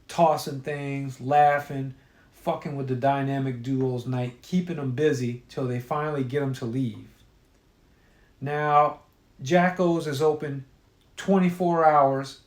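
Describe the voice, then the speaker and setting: A man's voice: on the high side, roomy sound. A man telling a crude story in a profane, offhand way.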